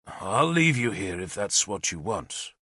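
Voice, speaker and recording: A calm, gallant warlord who speaks low and quietly, as a male narrator reads him. The voice stays steady and measured, close and dry with no room sound. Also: no room sound, heavily acted.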